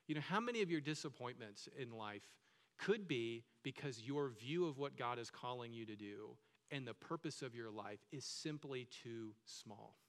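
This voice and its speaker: A man's voice: mid-range voice, fairly bright tone, long reverb tail. A man preaching a sermon as pastor, talking conversationally and asking the listeners many questions.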